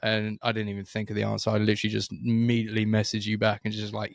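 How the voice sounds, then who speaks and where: A man's voice: lowish voice, completely flat delivery, quick pace, gravelly, dry recording, clean studio sound. A man with a British accent, co-hosting a casual podcast and telling a long story with many fillers and restarts. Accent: British English. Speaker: podcast co-host. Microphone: studio microphone.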